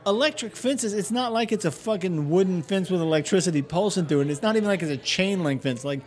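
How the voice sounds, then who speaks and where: A man's voice: high voice, fast, a little mellow. A man co-hosting a comedy podcast, talking crudely and swearing often in casual banter. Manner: crude, heavy swearing, joking. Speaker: podcast co-host.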